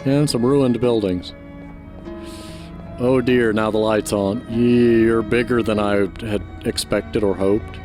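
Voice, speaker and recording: A man's voice: lowish voice, fairly even intonation, takes it slowly, a little mellow, faint music behind. A man commenting casually while playing a video game, offering critique as he goes. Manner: chatty, critiquing, offhand. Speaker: gaming channel host. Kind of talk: let's play commentary.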